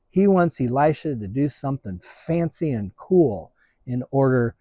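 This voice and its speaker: Mellow-voiced pastor preaching a halting sermon. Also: male voice, medium pitch, no echo, lo-fi sound. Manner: halting, with frequent restarts and fillers.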